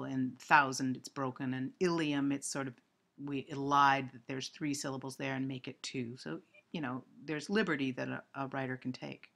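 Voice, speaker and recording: A woman's voice: a bass voice, gravelly, a bit bright. A woman giving a recorded literature lecture, explaining step by step with frequent ums and self-corrections.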